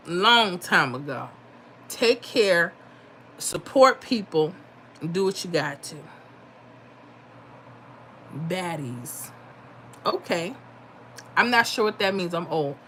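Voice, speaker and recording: A woman's voice: lowish voice, expressive, slow, pauses often, bright, forceful tone. A middle-aged woman hosts a live stream in a casual, chatty way, reading viewer comments aloud. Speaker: livestream host giving lottery picks. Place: home.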